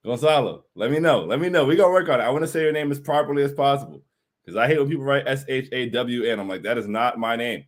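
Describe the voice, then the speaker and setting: A man runs a laid-back livestream, going through viewers' comments and replying in a hyped-up, emphatic, slang-heavy style full of repeated phrases. He talks fast in a mid-range voice with lively intonation.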